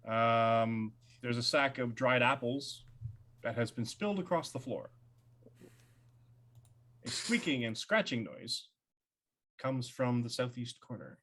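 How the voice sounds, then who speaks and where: A man's voice: mid-range voice, expressive, takes it slowly, pauses often, fairly bright tone. A man narrating as dungeon master of a live-streamed tabletop game, describing scenes with small fillers.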